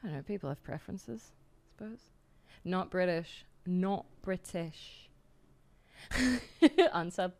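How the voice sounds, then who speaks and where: A woman's voice: lowish voice, lively intonation, moderate pace, vocal fry, long pauses, darkish tone. A young Australian woman chatting casually on a live stream, giggling and reading out her chat.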